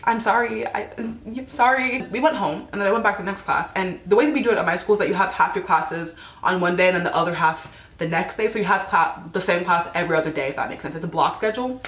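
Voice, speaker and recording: This teen girl's voice is lowish and a bit bright, and she races through embarrassing stories told to camera in an echoey room. As a vlogger she keeps it chatty and casual, peppering her talk with "like" and acting out quotes.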